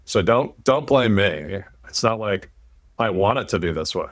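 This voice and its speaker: Blunt low-voiced American man ranting. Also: normal speed, no room sound, clean studio sound. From United States. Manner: blunt, swears, animated rants. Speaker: podcast host. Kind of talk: casual opinionated chat.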